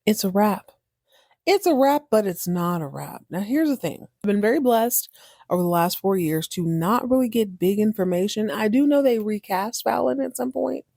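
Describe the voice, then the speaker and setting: A woman's voice: medium pitch, moderate pace, vocal fry, dry recording, clean studio sound. Sassy woman recapping a TV drama. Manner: animated, sassy, breaks into exaggerated voices. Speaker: podcast host recapping a TV drama. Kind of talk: casual recap commentary.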